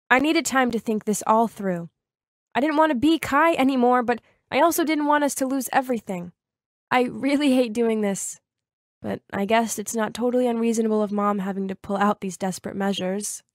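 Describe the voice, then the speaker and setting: A woman in her twenties narrating a first-person story in a lively, confiding way. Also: fairly high pitch, dry recording, studio quality.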